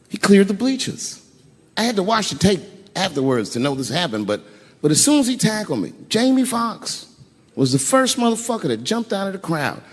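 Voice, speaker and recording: A man doing stand-up, telling a story in a lively, profane way and acting out the people in it, recorded live on an arena stage. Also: fairly high pitch. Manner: animated, profane, acts out voices. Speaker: stand-up comedian. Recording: live arena recording with long reverb and crowd noise.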